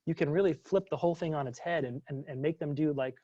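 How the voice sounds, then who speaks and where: A man's voice: a little high, fast talker, dark tone, no room sound, muffled recording. A man, a former psychologist, presenting a webinar and answering questions in a chatty way, full of fillers and restarts.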